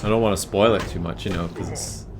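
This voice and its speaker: A man's voice: deep voice, steady tone, quick pace, very noisy. A man hosting a live game stream, chatting casually and joking around with his co-player. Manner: playful and joking. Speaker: podcast host. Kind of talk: casual gaming stream chat.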